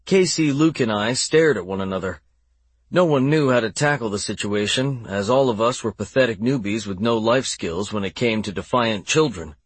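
A man reads a first-person novel aloud with a steady, measured delivery. His voice sits on the low side and has a husky edge. The sound is dry and close, with no room around it. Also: no echo. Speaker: audiobook narrator.

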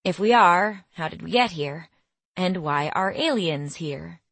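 A young woman narrating a first-person story in a measured, quietly bemused way, in a studio. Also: lowish voice, animated, creaky, husky, no room sound. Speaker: audiobook narrator.

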